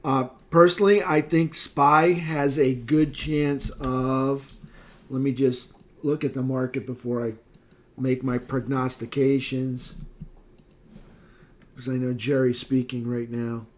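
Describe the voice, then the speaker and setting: Guy with a bit of a hoarse voice walking through stock charts, laid back, lots of uh and fixing himself mid sentence. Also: mid-range voice, flat delivery, slow pace. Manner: casual, thinking aloud with fillers and self-corrections. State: slightly hoarse, losing his voice. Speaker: market analyst. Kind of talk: screen-share market recap.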